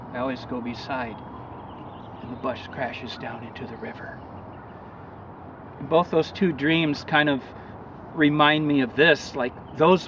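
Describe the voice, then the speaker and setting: A man giving an earnest motivational talk about recovery, telling a parable and acting out the shouts in it. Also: on the high side, far from the mic, highs cut off, a little hiss or hum. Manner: earnest, acts out shouts in his story. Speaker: recovery counselor.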